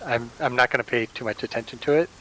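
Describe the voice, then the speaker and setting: A man's voice: mid-range voice, fast talker, bright, forceful tone, slight background noise, poor audio. A man playing a tabletop game, talking casually and thinking aloud with hesitant questions. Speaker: player. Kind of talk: casual chat.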